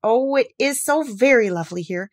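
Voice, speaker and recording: A woman reading a storybook aloud, voicing a polite, earnest seven-year-old girl who speaks gently and sometimes plaintively. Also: mid-range voice, expressive, normal speed, husky, no echo, clean studio sound.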